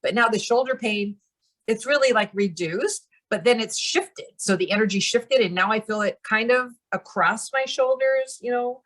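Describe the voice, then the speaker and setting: A woman's voice: on the high side, moderate pace, a bit bright. Chatty woman explaining step by step. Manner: chatty, lots of "like" and "you know", laughs often. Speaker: member of a channeling practice group. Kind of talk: casual group chat.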